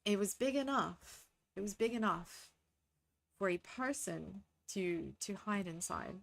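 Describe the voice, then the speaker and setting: A woman streams a game and chats with her viewers while she plays, offering casual commentary. Her mid-range voice is creaky and unhurried, with lively intonation, and she talks to chat in between reading lines from the game.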